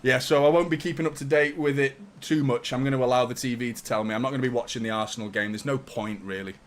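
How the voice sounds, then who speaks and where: His medium-pitched voice stays fairly even and moves at a quick pace. As a young fan channel host running a live match watchalong, he chats casually, curses often and reads out viewer super chats.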